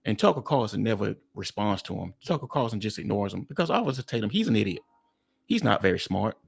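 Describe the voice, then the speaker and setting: A man's voice: lowish voice, sing-song, fast, creaky, breathy edge. A man hosting a reaction commentary, talking bluntly and mockingly to his viewers. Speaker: commentary host.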